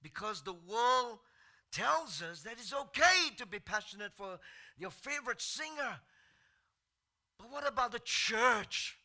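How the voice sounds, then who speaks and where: A man preaching a sermon to his congregation, moving from slow, quiet passages to loud shouted outbursts and rhetorical questions. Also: very high voice, animated. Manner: swings from soft, slow talk to shouted outbursts. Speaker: pastor.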